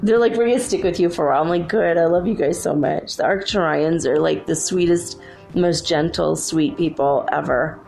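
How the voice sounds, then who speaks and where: A woman's voice: fairly low pitch, normal speed, creaky, a little mellow, soft background music. A woman hosting a casual solo spiritual talk from her room at home, bubbly and full of "like"s. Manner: chatty, bubbly, many "like"s. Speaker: spiritual channel host.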